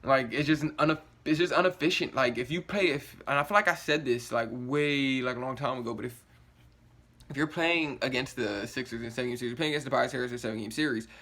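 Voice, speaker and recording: A man's voice: mid-range voice, fast talker, fairly bright tone. A man ranting in a casual vlog, frustrated and rambling, full of filler words and swearing, yawning and groggy from just waking up. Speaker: sports vlogger. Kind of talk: casual rant to camera.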